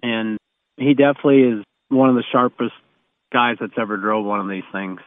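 A race car mechanic's phone interview: he chuckles through wandering stories in a medium-pitched, fairly quick voice. No room sound comes through.

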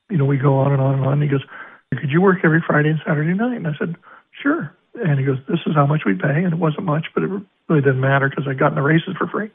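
An older racetrack announcer from Arizona tells his stories in a gravelly, husky voice that sits a little high for a man. He acts out both sides of every conversation. The sound comes through a thin, phone-like radio line. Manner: animated storyteller acting out quoted dialogue. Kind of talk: storytelling interview.

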